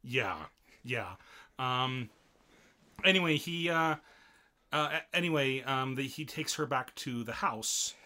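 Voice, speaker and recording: A man with a bright, forceful voice, chatting casually. He sums up events briefly and fills the gaps with steady agreeing murmurs. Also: medium pitch, slow pace, long pauses. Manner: frequent "mm-hmm" backchannels, summarizing. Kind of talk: casual chat recapping an anime.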